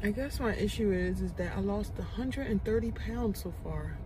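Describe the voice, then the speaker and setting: A woman podcast host making a candid spoken confession, frustrated and halting, with restarts and sighs. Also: mid-range voice, lively intonation, noisy background.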